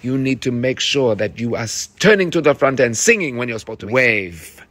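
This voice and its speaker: A man's voice: mid-range voice, lively intonation, normal speed, fairly bright tone. A theatre director, a man, reading rehearsal notes to his cast, encouraging and fond of repeating phrases.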